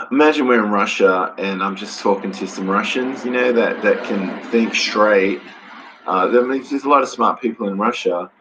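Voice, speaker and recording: A man with a notably low voice talks to camera on his own. His delivery is loose and wandering, full of "you know" and false starts as he jumps between ideas. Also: a bit bright, poor audio. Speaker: vlogger. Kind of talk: rambling solo monologue. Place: lives in Australia.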